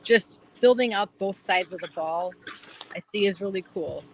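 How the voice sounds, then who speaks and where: A woman's voice: mid-range voice, normal speed, a little hiss or hum, poor audio. A woman with a Wisconsin accent, a podcast guest chatting eagerly about her team in a rambling way with plenty of fillers. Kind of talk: casual chat.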